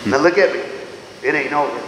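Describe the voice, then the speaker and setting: A man giving a motivational speech to students, animated, calling out to the crowd, laughing often and swinging from loud to hushed. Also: fairly high pitch, brisk, slight background noise. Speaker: motivational speaker. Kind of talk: school assembly motivational speech. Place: large school auditorium or gym. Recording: echoey hall with long reverb.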